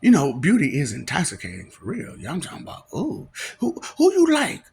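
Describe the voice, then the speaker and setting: A man's voice: mid-range voice, huge pitch swings, a little fast, gravelly, a little mellow, slightly rough. A man rambling through a comic monologue, teasing with rhetorical questions, repeating phrases and laughing between lines. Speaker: vlogger.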